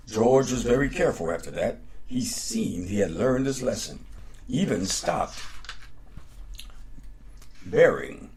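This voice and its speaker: A man hosting a show and reading a folktale aloud in a lively, unhurried way. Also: fairly low pitch. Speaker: podcast host and storyteller.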